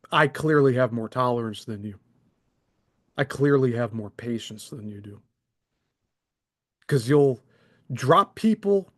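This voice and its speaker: A man in his thirties, a channel host, delivering an angry, sarcastic, profane solo rant to camera into a desk microphone. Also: mid-range voice. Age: 30s. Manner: heated, sarcastic, profane, very animated.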